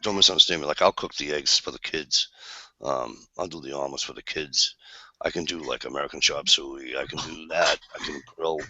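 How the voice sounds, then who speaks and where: A man's voice: very deep voice, a little fast, bright, forceful tone, no echo. A man telling a rambling, swear-laced story in casual chat. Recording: dull lo-fi sound.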